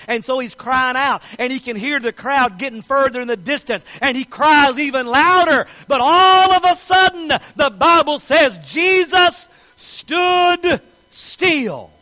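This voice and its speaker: High, bright-voiced impassioned male preacher. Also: poor audio. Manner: impassioned, swinging from soft asides to shouted declarations. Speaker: pastor. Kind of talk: sermon.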